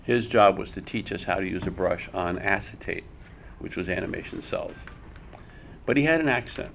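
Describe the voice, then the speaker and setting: A man's voice: low-pitched, lively intonation, moderate pace, gravelly, fairly bright tone, slight background noise. An older man giving a live art workshop, an emphatic storyteller who repeats words as he talks. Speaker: comic art teacher. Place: school room with audience.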